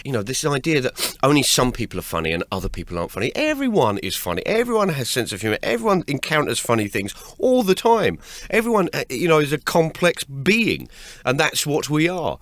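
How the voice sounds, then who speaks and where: A man tells a story with a pitch that swings up and down. He laughs through his lines and trips over his first words. The studio mic is close and dry. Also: brisk, dry recording. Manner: lively, laughs mid-story, restarts words. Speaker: comedian guest. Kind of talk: animated anecdotal storytelling. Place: radio studio.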